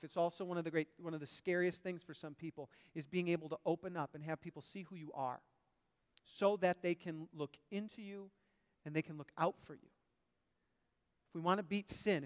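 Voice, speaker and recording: A male pastor preaching a sermon, animated, swinging between loud emphasis and quiet asides. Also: on the high side, brisk, clean tone, long reverb tail.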